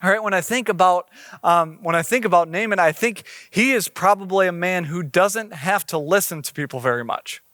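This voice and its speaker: A man's voice: sits high, normal speed, sharp tone, dry recording, clean studio sound. A man preaching a sermon in a conversational way, reading scripture aloud and explaining it. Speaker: pastor.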